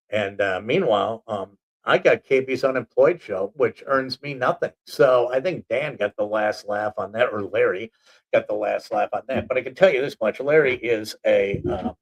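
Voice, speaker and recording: A man's voice: on the low side, rough recording. A man hosting his own talk show, in a rambling, joking monologue full of asides. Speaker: host. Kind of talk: casual comedic monologue.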